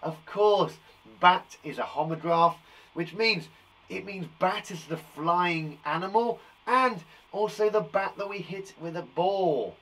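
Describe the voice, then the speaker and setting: A man in his thirties with an English accent, teaching young children in a playful, animated way, asking them questions as he goes. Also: sits high, slow, rough recording. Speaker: primary school teacher. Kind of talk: children's lesson video. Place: garden shed classroom.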